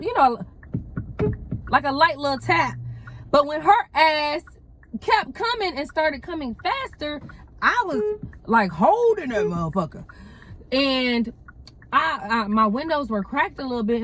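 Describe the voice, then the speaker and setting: A young woman vlogger telling a story in a high, bouncy voice that swings widely in pitch. She talks casually and profanely and laughs often, with animated energy. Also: normal speed, poor audio. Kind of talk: storytime vlog.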